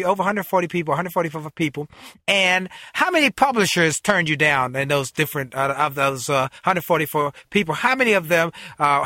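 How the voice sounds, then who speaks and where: A man's voice: sits high, sharp tone, dry recording, studio quality. A male talk show host introducing and interviewing a guest, enthusiastic and full of energy. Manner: enthusiastic, breaks into song.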